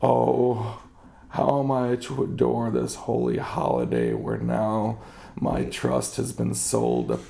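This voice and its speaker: A man and podcast host giving an overwrought, theatrical comedic story reading, swinging from hushed to frantic and sometimes breaking into laughter. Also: on the low side, vocal fry. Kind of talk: melodramatic comedic first-person story reading.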